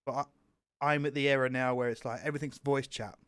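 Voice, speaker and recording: A man's voice: mid-range voice, fairly even intonation, quick pace, fairly bright tone, clear, resonant tone, no room sound. A young British man co-hosting a casual podcast chat, telling rambling stories with fillers and swearing. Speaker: podcast co-host.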